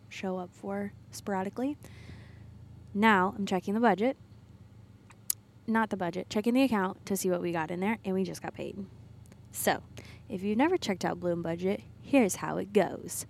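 A woman's voice: mid-range voice, creaky, darkish tone, a little hiss or hum. A woman podcast co-host chatting casually on her own from a parked car, rambling and laughing at herself. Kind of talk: casual solo chat.

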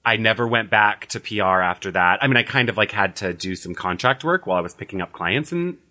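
A man's voice: on the low side, animated, fairly quick, pushed and bright. A man telling his life story in a casual interview, chatty and full of "like" fillers. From United States. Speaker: astrologer, podcast guest.

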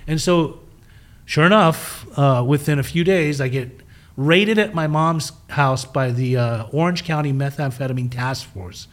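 Animated man telling his story. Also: a little high, slight background noise. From southern California. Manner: animated storyteller acting out quoted voices. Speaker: guest. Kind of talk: storytelling in a recovery interview.

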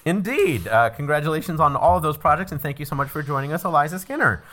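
A man's voice: on the high side, lively intonation, quick pace, bright, forceful tone. A man hosting a comedy quiz podcast, joking breezily as he wraps up and reads the plugs. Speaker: quiz show host.

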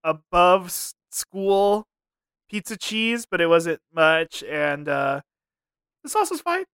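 A man co-hosting a podcast in casual banter, joking, laughing often and throwing in quick asides. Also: high-pitched, very animated, a bit bright, clean tone, no echo, studio quality. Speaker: podcast co-host.

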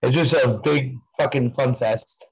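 A man's voice: medium pitch, steady tone, unhurried, vocal fry, slightly rough, poor audio. A man hosting a podcast, laid-back and amused, mostly agreeing with his co-host. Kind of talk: casual chat.

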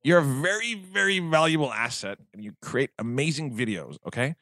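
Quick, lively man on a podcast. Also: medium pitch, no echo, clean studio sound. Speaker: podcast co-host. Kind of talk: casual podcast chat.

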